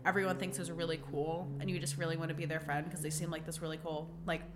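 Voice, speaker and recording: A woman chatting casually on a podcast, fast and loose, full of "like" and quick laughs. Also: low-pitched, little pitch movement, crowd noise. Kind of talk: casual chat.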